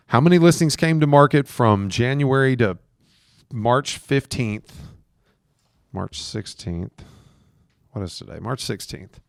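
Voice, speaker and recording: A man's voice: mid-range voice, no room sound, clean studio sound. Emphatic man coaching real estate agents. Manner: emphatic, coaching listeners directly. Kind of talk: casual advice talk.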